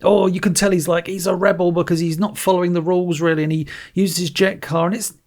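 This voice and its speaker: A man with a high-pitched voice hosts a casual movie podcast. He tells the story in an animated way, stumbling and restarting as he goes. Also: quick pace. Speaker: podcast host. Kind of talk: casual movie review chat.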